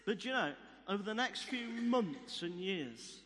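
A man's voice: sits high, lively intonation, unhurried, fairly bright tone, a little hiss or hum. A man preaching a sermon, telling stories and repeating key phrases for emphasis. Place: church hall. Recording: long reverb of a church hall.

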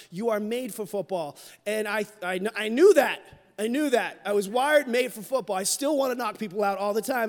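A middle-aged man preaching a sermon in a church, telling a personal story with candor and dropping to a hush at tender moments. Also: high voice. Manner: candid, storytelling, drops to a hush for quoted moments. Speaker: pastor. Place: church sanctuary. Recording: long hall reverb.

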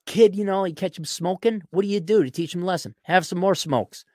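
A man hosting a podcast, delivering a blunt, mocking solo rant and often clearing his throat. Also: high-pitched, brisk, darkish tone. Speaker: podcast host. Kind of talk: ranting solo commentary.

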